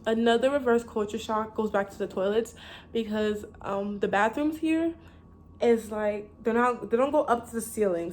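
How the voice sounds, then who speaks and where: A young woman with an American accent chats to her camera in a loose, rambling way. She fills her talk with likes and false starts and laughs easily. Her voice sits at an ordinary middle pitch. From United States. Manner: chatty and rambling, with many likes and restarts, laughs often. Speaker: vlogger.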